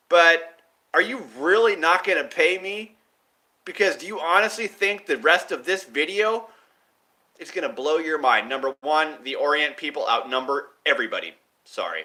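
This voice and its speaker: High, bright man ranting erratically. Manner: erratic, profane and rambling, with big swings in pitch and loudness. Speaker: vlogger. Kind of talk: rambling monologue to camera.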